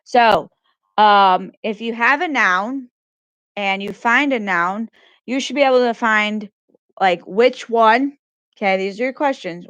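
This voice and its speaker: A woman's voice: a little high, slow, fairly bright tone, dry recording. A woman teacher giving a grammar lesson to children, patiently repeating questions and praising answers.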